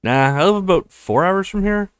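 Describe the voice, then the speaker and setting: A man's voice: high-pitched, lively intonation, normal speed, clear, resonant tone, no room sound, voice pushed up. A man playing a chatty young law student. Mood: friendly. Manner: friendly and chatty.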